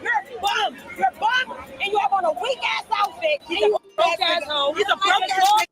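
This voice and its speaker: Furious shouting woman streamer, very high. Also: normal speed, very noisy. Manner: shouting, cursing, insulting. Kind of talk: angry livestream rant. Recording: loud music and crowd behind.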